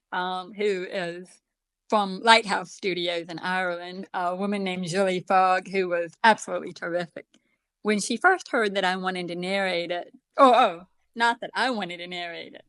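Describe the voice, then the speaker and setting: A woman's voice: lowish voice, a bit bright, smooth, no echo. A woman with a deaf accent, where some sounds come out a little different, chatting casually as an interview guest with lots of ums and self-deprecating humor. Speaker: guest author.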